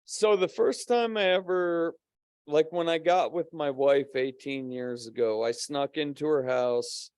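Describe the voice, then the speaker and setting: A man's voice: fairly high pitch, measured pace, darkish tone, clear, resonant tone, no room sound. A man telling a rambling story in casual podcast chat, swearing and laughing often. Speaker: podcast guest; co-host of a paranormal podcast.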